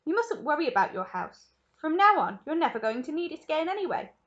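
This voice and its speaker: Woman reading as excitable eccentric chocolate maker, grand, reassuring, high voice, storybook read-aloud. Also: fast, dull audio. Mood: cheery.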